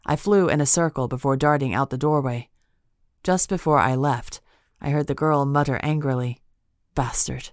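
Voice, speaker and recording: A woman narrating a fantasy audiobook in the first person, measured and expressive. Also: very deep voice, dry recording, studio quality.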